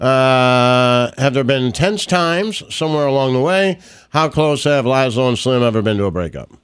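A middle-aged man co-hosting a casual podcast, blunt and profane with deadpan jokes. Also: medium pitch, normal speed, smooth. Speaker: podcast co-host.

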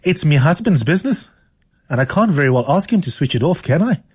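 A man reads aloud and puts on a nosy middle-aged landlady, pitched higher and pushed a little louder. She is chatty and blunt and won't let a point go. Her voice is slightly husky. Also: very animated, fairly quick, heavily acted. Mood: gossipy. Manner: chatty and pushy. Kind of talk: reading a novel aloud on radio.

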